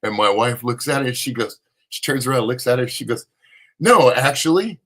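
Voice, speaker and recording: A man's voice: medium pitch, steady tone, fast, sharp tone. A man from Southern California telling a rambling, profane story with frequent laughs on a casual live podcast panel. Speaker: panel co-host.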